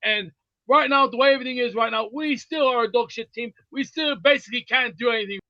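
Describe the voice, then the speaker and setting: A man's voice: extremely high pitch, fast, pushed and bright, dry recording, highs cut off. A man who is a regular on a sports show, rambling and stammering through a joking put-on accent. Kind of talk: casual call-in chat.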